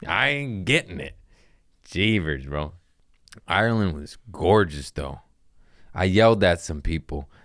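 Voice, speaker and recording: A man's voice: deep voice, lively intonation, unhurried, long pauses, a bit bright, no room sound, clean studio sound. A young man and comedian telling rambling, profane stories on a casual podcast, saying bro a lot.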